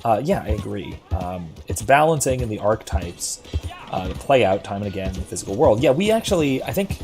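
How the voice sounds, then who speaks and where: A man's voice: on the low side, sing-song, brisk, a little mellow, soft background music. A man from Florida with a general American accent, casually talking philosophy while he plays a game, thoughtful and rambling with many fillers and restarts. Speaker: streamer. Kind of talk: casual chat while gaming.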